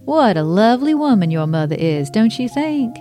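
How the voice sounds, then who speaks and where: A woman's voice: on the high side, big pitch swings, normal speed, warm tone, faint music behind, pitched above the performer's own voice. Woman doing a syrupy Georgia-drawl investigator. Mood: sweetly prim. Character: Southern woman private investigator, sugary and prim.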